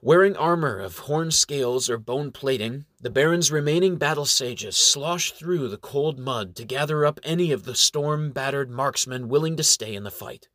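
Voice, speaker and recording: A man's voice: mid-range voice, animated, moderate pace, few pauses, fairly bright tone, dry recording, clean studio sound. Man telling a fantasy tale. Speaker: narrator. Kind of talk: storytelling narration.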